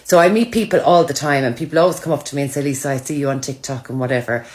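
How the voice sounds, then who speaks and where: A woman's voice: extremely low pitch, very fast, darkish tone. A woman chatting casually to her followers, telling self-mocking stories. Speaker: social media creator.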